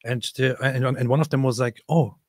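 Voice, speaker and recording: A man telling a personal story in a reflective, halting way, often restarting his sentences. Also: medium pitch, steady tone, no room sound, clean studio sound. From United States.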